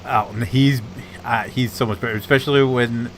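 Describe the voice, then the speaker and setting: A man's voice: mid-range voice, fairly even intonation, normal speed, noisy background. A man hosting a gaming stream, chatting casually with friends, laughing often and swearing while retelling clips. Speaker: gaming channel host. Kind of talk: casual chat while streaming a farming game.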